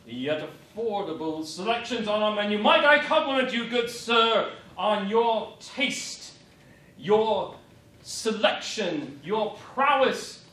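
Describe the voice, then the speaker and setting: Guy doing a posh snooty burger-joint cook, high voice, slow fancy talk, roomy stage with audience. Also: lively intonation, sharp tone, full character voice. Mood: pompous. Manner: grandiose, overly formal. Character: pompous male fast-food cook Charles, absurdly refined. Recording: distant echoey stage with audience.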